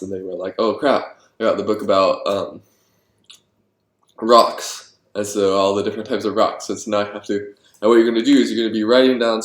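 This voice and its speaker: A man designing board games and thinking aloud, rambling and getting excited about his ideas, with many ums. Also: lowish voice. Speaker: board game designer vlogger. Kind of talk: thinking aloud while brainstorming. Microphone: handheld camera. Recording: echoey room.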